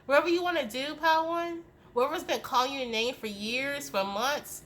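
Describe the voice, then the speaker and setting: A woman's voice: sits high, moderate pace, hardly any pauses, fairly bright tone, a little hiss or hum. A young woman giving a casual tarot reading to camera, emphatic and swearing often, with many "okay?" tags as she delivers a tough-love pep talk. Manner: many "okay?" tag questions. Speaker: tarot reader.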